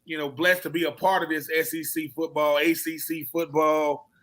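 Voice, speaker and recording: A man with a Southern American accent talks on a sports radio panel. His voice sits high and sounds bright and forceful. He tells stories with a lot of life and acts out the people he quotes. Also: level tone, moderate pace. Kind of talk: casual sports talk.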